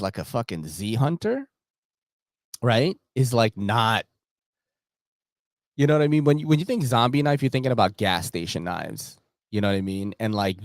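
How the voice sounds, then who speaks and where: This is a laid-back man hosting his own show. He swears freely and chuckles as he talks, and his pitch rises and falls a lot. His voice sounds dry and close to the mic. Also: dry recording. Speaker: podcast host. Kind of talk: casual show chat.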